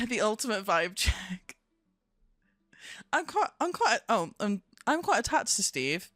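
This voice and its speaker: A woman's voice: mid-range voice, sing-song, slow, fairly bright tone, no echo. Giggly woman streamer, dry close mic. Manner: chatty, giggly, self-mocking. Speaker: live streamer. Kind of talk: casual live-stream chat. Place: home streaming room. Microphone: streaming microphone.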